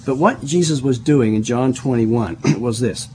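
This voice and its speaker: A man's voice: mid-range voice, unhurried, warm tone, slight background noise. Man teaching a verse-by-verse sermon. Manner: explanatory, repeats and restarts words, spells words out. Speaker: preacher. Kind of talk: Bible study sermon.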